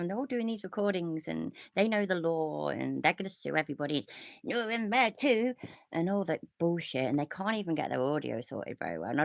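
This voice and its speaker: English woman, host, gravelly, very lively pitch, swears, rambling, dry recording. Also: dry recording. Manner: rambling, swears often, laughs a lot. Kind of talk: casual reaction commentary.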